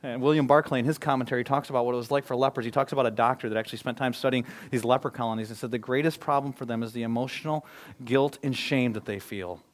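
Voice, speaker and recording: A male pastor delivering a sermon with real passion. His voice sits at an ordinary middle pitch. He drops to near-whispers on his gravest points and swells again for emphasis. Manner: impassioned, swings from hushed to loud.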